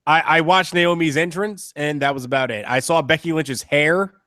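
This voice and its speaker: A man's voice: fairly high pitch, normal speed, pushed and bright, dry recording. Young male co-host, dry sarcastic delivery, no room sound. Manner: dry, blunt, sarcastic asides. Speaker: podcast co-host. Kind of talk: casual chat.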